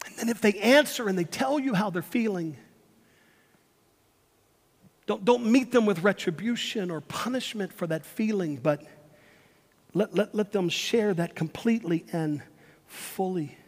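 Man preaching, emphatic, repeats himself, high voice, long echo. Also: animated, normal speed. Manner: emphatic, repeats words, swings from loud to hushed. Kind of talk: sermon. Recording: long hall reverb.

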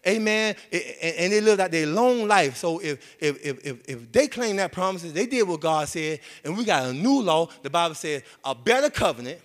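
A man's voice: a little high, lively intonation, normal speed, few pauses, fairly bright tone. A man preaching a sermon in a folksy, repetitive way, with many amens and restarts. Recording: long hall reverb.

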